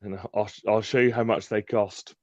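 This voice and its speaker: A man with a lowish voice chats on a live stream, rambling through fillers and breaking into laughs. His call audio is dry and a little dull, with no room sound at all. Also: steady tone, moderate pace, darkish tone, dry recording. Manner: chatty, laughs often, many fillers. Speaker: co-host. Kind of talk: casual live-stream chat.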